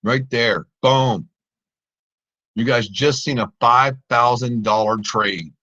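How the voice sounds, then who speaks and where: Man, stream host, bright voice, excitable running commentary, muffled lo-fi mic. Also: mid-range voice, slow pace. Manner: exclaims and laughs often, talks to viewers as guys. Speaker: live trading stream host. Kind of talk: excited live commentary on trades.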